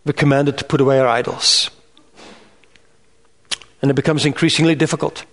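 Earnest preacher in a reverberant hall. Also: male voice, medium pitch, steady tone. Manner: earnest, measured preaching with emphatic rises. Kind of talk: sermon.

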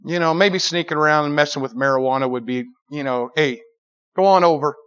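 A man delivers a sermon to young people in a high voice, telling a story with animated energy and bursting into sudden high shouts as he acts out what people said. The recording sounds dull and lo-fi. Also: fast, smooth. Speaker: preacher.

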